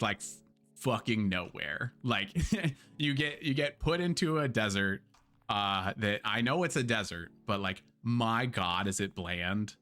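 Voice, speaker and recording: A man talking through a casual live-stream game review in a bright, sharp, somewhat low voice. He is chatty and candid, with lots of ums, uhs and likes and an occasional swear word. Faint music plays behind him. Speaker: streamer and host.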